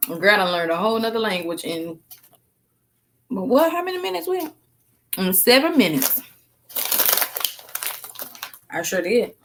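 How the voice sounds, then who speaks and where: A woman's voice: mid-range voice, lively intonation, unhurried, long pauses, a little hiss or hum. A tired woman chatting casually with viewers on a live stream, eating snacks as she talks and calling them girl and sis. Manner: eating snacks while talking. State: tired after work.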